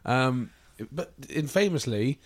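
A man's voice: mid-range voice, lively intonation, takes it slowly. A man co-hosting a car podcast, bantering with his friends, swearing freely and drifting off topic. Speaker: podcast co-host. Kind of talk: casual chat.

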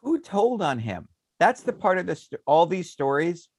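A man's voice: sits high, moderate pace, slightly rough, dry recording, studio quality. A man co-hosting a podcast, telling stories in casual chat and laughing often. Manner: animated storyteller, laughs often. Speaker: podcast co-host.

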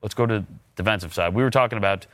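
A man hosting a sports talk show, steering the chat with quick questions and lots of "all right". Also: lowish voice, a bit bright, dry recording. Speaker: radio show host.

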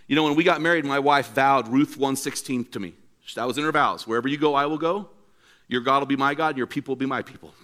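An older man preaching a sermon in a church, telling stories and acting out quotes with lively energy. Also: medium pitch. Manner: animated storytelling preacher, acts out quotes. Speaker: pastor.

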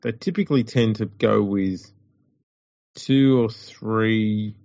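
A man's voice: fairly low pitch, slow, gravelly, darkish tone, no echo. A man, co-hosting a sports chat show, rambling and wry. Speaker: podcast co-host. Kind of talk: casual chat. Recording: dull lo-fi audio.

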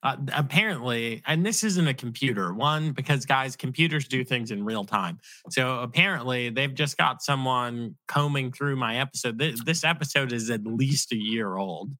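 A man's voice: medium pitch, normal speed, few pauses, sharp tone, dry recording. A man hosting a podcast, joking around in loose casual banter with his co-host. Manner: joking, loose, swears freely.

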